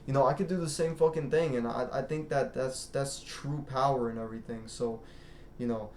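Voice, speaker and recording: A man's voice: mid-range voice, fairly even intonation, moderate pace, darkish tone, reverberant, slight background noise. A man ranting casually as a vlogger, rambling and boastful, swearing constantly. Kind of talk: casual rant to camera.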